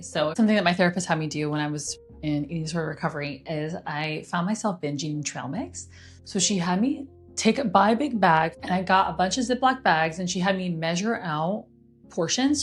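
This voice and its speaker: Chatty woman doing an astrology forecast. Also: lowish voice. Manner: chatty, acts out inner voices. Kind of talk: weekly astrology forecast talk.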